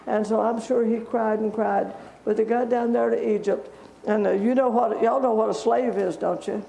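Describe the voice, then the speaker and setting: A woman's voice: fairly high pitch, steady tone, normal speed, vocal fry, warm tone, slight background noise. A woman teaching a Bible story to children in a church, chatty and asking them questions. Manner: conversational, asks the children questions. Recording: echoey church room.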